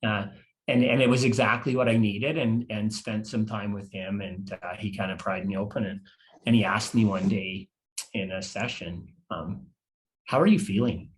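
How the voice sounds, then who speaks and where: Halting, low-voiced man in his fifties. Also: fairly even intonation. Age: 50s. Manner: halting and confessional, repeats words as he searches for them. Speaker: podcast guest. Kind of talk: personal storytelling interview.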